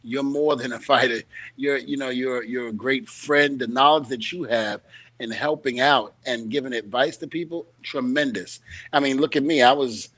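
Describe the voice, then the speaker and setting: A man hosting a casual interview, telling stories in an animated, emphatic way. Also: mid-range voice, normal speed, no echo. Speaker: host.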